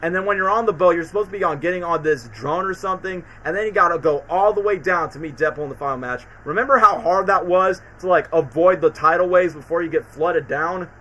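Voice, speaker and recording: A man's voice: high voice, fast talker, hardly any pauses, pushed and bright, poor audio. A man hosting a live stream, rambling enthusiastically about video games with lots of fillers. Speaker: streamer host. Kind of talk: casual live-stream chat.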